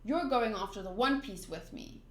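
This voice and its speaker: A woman's voice: fairly high pitch, animated, moderate pace, fairly bright tone. A woman voicing a carefree young male pirate captain who talks bluntly and cheerfully. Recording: roomy echo.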